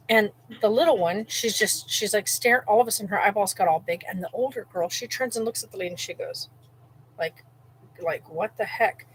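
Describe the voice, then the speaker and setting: A woman vlogger telling a story in a rambling, animated way, full of "like" and restarts, while cooking at home. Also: mid-range voice, slight background noise, poor audio. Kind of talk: casual storytelling.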